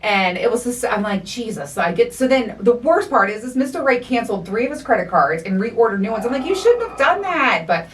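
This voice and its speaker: Animated, foul-mouthed podcast host woman. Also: a little high, a little fast, hardly any pauses, distant mic, slight background noise. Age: middle-aged. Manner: animated storytelling, profane, acts out quotes. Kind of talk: casual chat.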